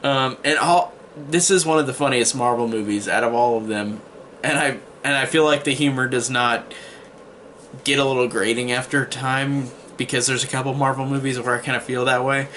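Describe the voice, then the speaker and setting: This casual movie review comes from a man with a medium-pitched, bright and forward voice speaking at a moderate pace, a faint noisy hiss in the background. He rambles, restarts sentences often, and uses plenty of fillers.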